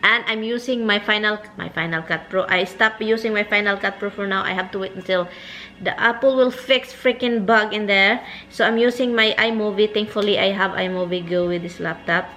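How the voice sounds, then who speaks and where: A woman's voice: medium pitch, brisk, sharp tone. A middle-aged Filipino-accented woman talks straight to her viewers in a loose, rambling vlog. She circles back over the same words and vents her frustration in an ordinary mid-range voice. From Philippines. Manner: frustrated, rambling, repeats herself. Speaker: vlogger. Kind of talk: casual vlog chat.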